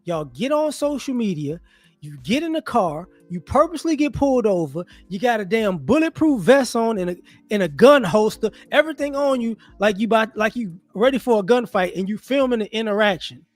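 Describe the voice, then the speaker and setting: A man giving casual monologue commentary as an online commentator, animated and rhetorical, often restarting his sentences. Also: high-pitched, a little fast, no room sound, faint music behind.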